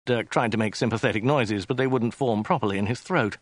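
A man's voice: medium pitch, brisk, few pauses, no echo. A man narrating an audiobook in a dry, wry storytelling manner. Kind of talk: scripted narration.

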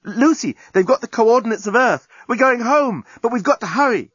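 A man's voice: very high voice, animated, moderate pace, a bit bright, slightly rough, dry recording, highs cut off, voice pushed up, full character voice. A man voicing a cheerful, impulsive young woman who talks in a breathless, eager rush. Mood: urgent.

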